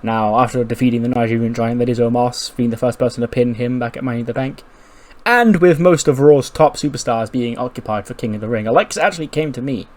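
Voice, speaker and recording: A man giving casual, chatty commentary on a game playthrough, quickly acting out the characters. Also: medium pitch, a little mellow.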